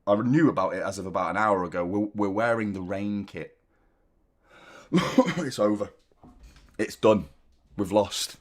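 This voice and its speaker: Bloke, lowish voice, chatty and self-mocking, thanking viewers on a live stream. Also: male voice, steady tone, unhurried, pauses often. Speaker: football fan channel host. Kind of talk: casual live watchalong chat.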